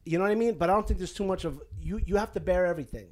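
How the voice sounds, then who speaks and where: A man, a Catholic priest hosting a podcast, giving animated, playful advice and slipping into a put-on Italian-American lilt. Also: high-pitched, racing. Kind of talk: casual podcast advice chat. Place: basement living room at home.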